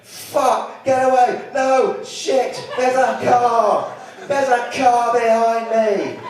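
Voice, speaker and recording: A man's voice: very high voice, takes it slowly, voice pushed up. A man voicing a panicking, foul-mouthed horse that is frightened of a car behind it, recorded from a distant mic in an echoey club with audience laughter. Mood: panicked. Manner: frantic, swearing, nagging its rider.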